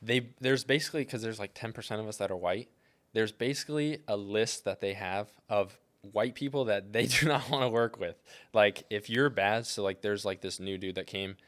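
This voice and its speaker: A man's voice: lowish voice, normal speed, fairly bright tone. A young man co-hosting a podcast, telling rambling stories in casual chat and filling them with "like". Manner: rambling storyteller, heavy use of "like". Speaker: podcast co-host.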